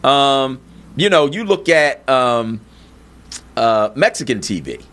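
A man hosting a talk show, chatting in an animated way and often checking in with "you know what I'm saying". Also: mid-range voice, slow pace. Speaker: podcast host. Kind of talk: casual chat.

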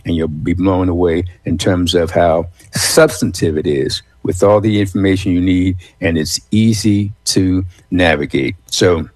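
A man's voice: deep voice, a little slow, few pauses, a little mellow, no room sound. A man hosting a radio talk show, emphatic and repetitive, calling his listeners folks. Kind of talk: casual talk radio monologue.

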